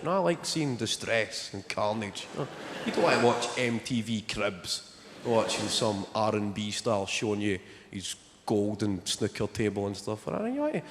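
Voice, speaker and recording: A young man doing stand-up, telling stories in a wry, deadpan way. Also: medium pitch. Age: young adult. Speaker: stand-up comedian. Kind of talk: stand-up comedy set. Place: large theatre stage. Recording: echoey theatre, loud noise.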